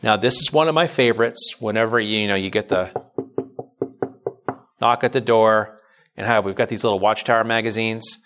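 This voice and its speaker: A man's voice: fairly low pitch, moderate pace, long pauses, a bit bright. A man pastor giving a sermon teaching, chatty and anecdotal at first, then rising into emphatic, insistent preaching.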